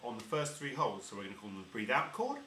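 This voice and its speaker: A man's voice: mid-range voice, big pitch swings, fast talker, sharp tone, distant mic, slight background noise. A man teaching harmonica step by step, patiently explaining and demonstrating each sound. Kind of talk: step-by-step instrument lesson. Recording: roomy echo.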